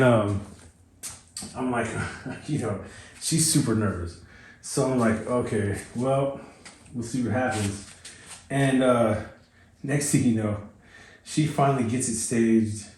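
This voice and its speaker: A man's voice: mid-range voice, slow, mellow, roomy sound. A man hosting a car channel, telling a story casually with lots of fillers and restarts. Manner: rambling, many fillers and restarts.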